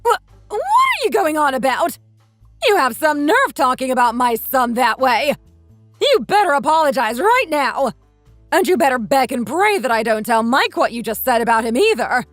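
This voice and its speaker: A woman playing a shrill, scolding mother-in-law in her sixties. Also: big pitch swings, normal speed, no echo, soft background music. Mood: indignant. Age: 60s. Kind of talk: texting story voice acting.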